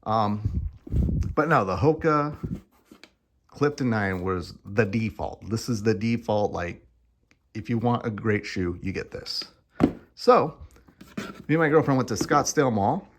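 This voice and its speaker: A man's voice: fairly low pitch, lively intonation, a little slow, long pauses. A young man vlogging in a casual, rambling way, joking and swearing offhand. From Arizona. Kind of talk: casual chat.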